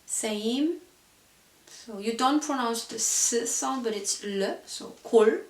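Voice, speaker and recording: A woman's voice: on the high side, slow pace, distant mic. A woman teacher giving an online pronunciation lesson, explaining patiently with frequent "so yeah" fillers. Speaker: language teacher. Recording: roomy echo, voice set back from the mic.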